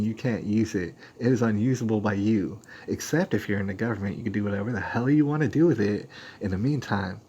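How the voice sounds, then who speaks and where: A man's voice: on the low side, a little mellow, husky, muffled recording. A man hosting a live stream, telling a story in a rambling, emphatic way and acting out what other people said. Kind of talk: casual storytelling rant.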